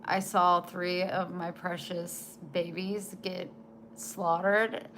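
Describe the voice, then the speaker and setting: A woman in her forties chatting casually to camera, emotional and halting, often trailing off and starting again. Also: on the low side, flat delivery, fairly bright tone, a little hiss or hum. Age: 40s. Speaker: vlogger.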